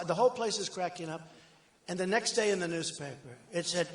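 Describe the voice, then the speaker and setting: Speaking at a campaign rally in a big hall, this man has a high-pitched, expressive voice and talks at a quick pace. He brags, repeats himself, and wanders into asides. Background noise is audible, and the room's long reverb makes everything echo.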